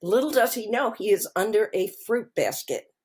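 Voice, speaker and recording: A middle-aged woman co-hosting a podcast, talking casually and telling stories in a slow, thoughtful way. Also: medium pitch, sing-song, darkish tone, husky. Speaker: podcast co-host. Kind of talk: casual conversation.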